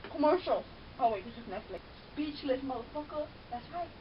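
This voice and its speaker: A young woman watching a TV show and reacting loudly, profane and brash, shouting at the screen. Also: high voice, expressive, fairly quick. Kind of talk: loud casual reaction commentary. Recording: dull lo-fi webcam audio with faint hiss.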